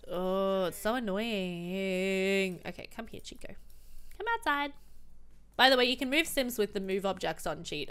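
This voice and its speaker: A woman's voice: medium pitch, fairly bright tone. A young woman chatting casually as she comments on her own gameplay, exclaiming and laughing often. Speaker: gaming commentator.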